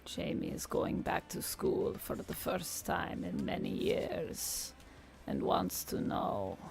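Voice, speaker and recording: A woman voicing a crackly old fortune-telling witch with a mock Eastern European accent, in a whispered role-play, slow and hushed. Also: very deep voice, wildly swooping pitch, vocal fry, pitched below the performer's own voice, heavily acted. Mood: hushed, mysterious.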